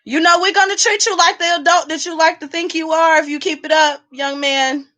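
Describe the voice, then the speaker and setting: Sassy bright-voiced woman streamer. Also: very high-pitched, brisk. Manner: animated, sassy, talking back to chat. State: drinking while streaming. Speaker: livestream host. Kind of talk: casual livestream chat.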